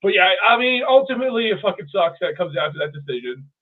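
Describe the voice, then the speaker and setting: A man co-hosting a podcast, chatting casually and profanely about sports in an animated way. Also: high-pitched, fast. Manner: animated, profane, mimics players in funny voices. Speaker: podcast co-host. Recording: tinny phone-like audio.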